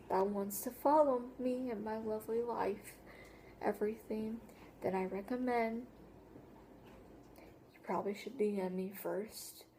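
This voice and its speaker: A woman's voice: medium pitch, mellow, slight background noise. A teenage girl chatting through a casual storytime vlog, rambling with lots of "like" and restarts. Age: teens. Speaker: vlogger.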